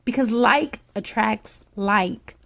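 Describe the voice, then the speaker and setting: Tarot reader lady, kinda high voice, calm and repetitive, talking right at you about love and patience. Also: slow pace, creaky. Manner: soothing, repetitive, speaks straight to the listener. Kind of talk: spiritual motivational talk.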